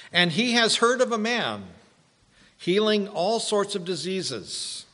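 A man preaching a sermon as a pastor, slow and deliberate, with dramatic pauses and rising emphasis. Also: fairly high pitch, fairly bright tone. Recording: long hall reverb.

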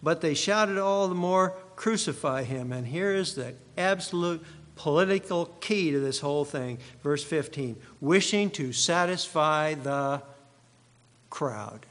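Male pastor, emphatic sermon delivery with repeated phrases, slightly high voice, long hall reverb. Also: a little slow, a bit bright. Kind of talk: expository sermon.

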